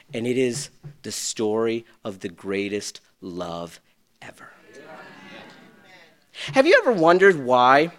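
A middle-aged man preaching a sermon, swinging between loud bursts and hushed lines, with self-deprecating humor. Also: medium pitch. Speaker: pastor.

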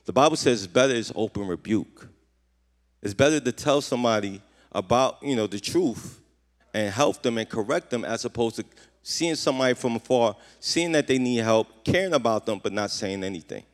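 A man's voice: mid-range voice, expressive, normal speed. A man preaches to his church in an earnest, searching tone, repeating his questions back to the congregation. His voice sits in an ordinary middle register. A long reverb from the hall trails each phrase. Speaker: pastor. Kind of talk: sermon.

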